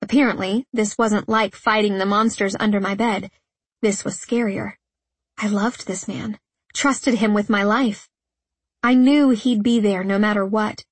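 Husky woman narrating an audiobook. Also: mid-range voice, steady tone, measured pace, no room sound. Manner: earnest, emotional first-person telling. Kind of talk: first-person scripted narration.

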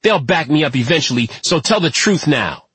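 A defiant nine-year-old boy talks back in a pitched-up, lively voice, as a male narrator puts him on. His tone stays husky and close, with no room around it. The boy sounds sure of himself and quick to argue. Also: dry recording, exaggerated voice. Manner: cocky, defiant, rising to a yelp.

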